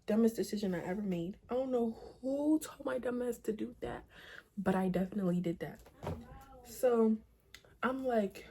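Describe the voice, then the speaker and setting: A woman's voice: medium pitch, normal speed, warm tone. A young woman vlogger telling a personal story to viewers in a dramatic, profane way, with frequent asides to them. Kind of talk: storytime vlog.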